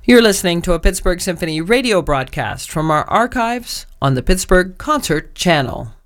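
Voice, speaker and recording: A woman's voice: fairly low pitch, big pitch swings, normal speed. A woman announcing a scripted radio station promo in an upbeat way. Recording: station promo with music bed.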